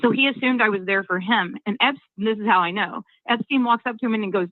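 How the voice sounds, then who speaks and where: A woman's voice: a little high, animated, brisk, dry recording. A woman giving a personal account in a casual, hesitant way, with many fillers. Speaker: interviewee. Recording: tinny phone-line audio.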